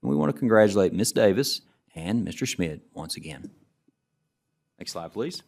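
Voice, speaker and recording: A middle-aged man who is a state education commissioner, giving relaxed presentation remarks to a student council and often restarting his sentences. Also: fairly low pitch, normal speed, creaky. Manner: relaxed storytelling, frequent restarts.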